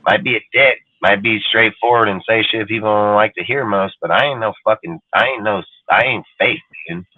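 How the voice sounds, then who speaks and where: A man's voice: lowish voice, brisk, no echo. A man ranting bluntly and profanely in a casual podcast chat. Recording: dry phone-line sound.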